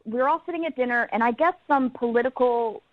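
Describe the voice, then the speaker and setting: A female caller tells her story in a chatty, giggly way, her slightly high voice coming through a dull phone line. The sound is dry, with no room around it. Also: fast, no echo. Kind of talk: phone-in chat.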